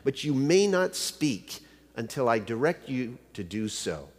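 A man's voice: medium pitch, very animated, measured pace, a little mellow, voice pushed down. A man voicing a stern old male abbot in a joke story, dry and formal in manner. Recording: long hall reverb.

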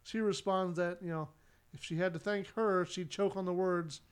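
A man's voice: sits high, steady tone, moderate pace, clear, resonant tone. A man casually recapping a sitcom episode for a podcast, narrating the plot with lots of "uh" fillers.

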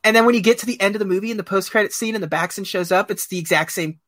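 A man in a relaxed podcast chat about a movie, his voice bright and forward. He rambles through his points with lots of "like" and "uh" and breaks into laughter often. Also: high-pitched, very fast. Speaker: podcast co-host. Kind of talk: casual film discussion.

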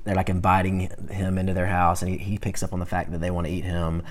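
A man teaching a Bible class in a conversational, animated way, talking back and forth with his students. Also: sits low, fast.

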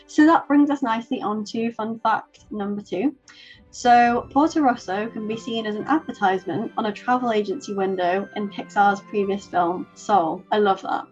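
A young woman co-hosting a film podcast, chatting in an animated way with lots of fillers and laughs. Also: mid-range voice, normal speed, breathy edge, soft background music. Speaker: podcast co-host. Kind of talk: casual chat. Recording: slightly dull lo-fi audio.

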